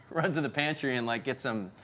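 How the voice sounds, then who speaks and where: Male co-host, mid pitch, reflective, halting, heavy on fillers. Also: fairly bright tone, a little hiss or hum. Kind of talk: conversational interview.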